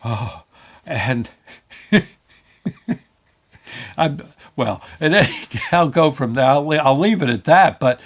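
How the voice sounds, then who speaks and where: An older man in his sixties spins a comic story as a show host, his voice sitting a little higher than most men's. He talks in an excitable, rambling way, stopping and restarting mid-sentence as the tale runs away with him. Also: takes it slowly, long pauses. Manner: rambling, excitable, self-interrupting.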